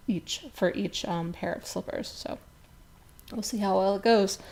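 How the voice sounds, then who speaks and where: A woman's voice: medium pitch, creaky, a little mellow. A woman hosting a knitting podcast, chatting casually and rambling with lots of ums. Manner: chatty, rambling, many ums, laughs at herself. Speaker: podcast host.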